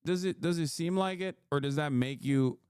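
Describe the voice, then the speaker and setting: A man's voice: fairly high pitch, normal speed, a little mellow, clean tone, dry recording, clean studio sound. A man streaming live, reacting to videos with sarcastic, mocking commentary.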